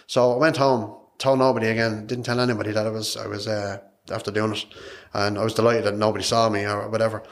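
Fast-talking Irish man telling his story. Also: lowish voice, level tone. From Ireland. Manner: rambling, repeats words, frank and emotional. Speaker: podcast guest. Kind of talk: personal story in an interview.

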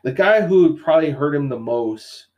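A man's voice: a little high, normal speed, highs cut off. A man co-hosting a podcast, casually retelling a comic plot and quoting the characters as he goes, with lots of fillers. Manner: animated storyteller, quoting characters, many fillers. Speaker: podcast co-host. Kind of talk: casual chat recapping a comic.

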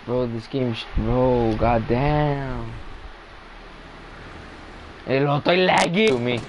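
A young man chatting casually while playing an online game, excitable and trash-talking, jumping between loud outbursts and low mutters. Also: takes it slowly, slight background noise, poor audio. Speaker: gamer. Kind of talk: casual gaming chat.

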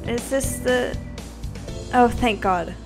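A woman's voice: on the high side, slow, darkish tone, soft background music. A young woman hosting a game playthrough, reading aloud and commenting in a chatty, self-deprecating way, often tripping over words. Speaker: let's play host.

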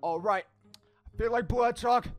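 A man's voice: extremely high pitch, measured pace, soft background music. A man reading fan fiction aloud as a casual YouTuber, cracking crude jokes, teasing and giggling between lines. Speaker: YouTuber playing Shadow the Hedgehog.

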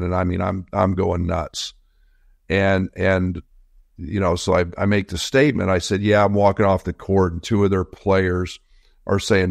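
A middle-aged man, a former coach, telling a casual story in halting bursts with many restarts. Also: low voice, gravelly, dry recording, studio quality. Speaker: former assistant coach, guest.

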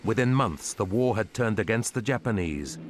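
A man narrating a documentary script in a grave, measured way. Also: fairly low pitch, animated, background noise.

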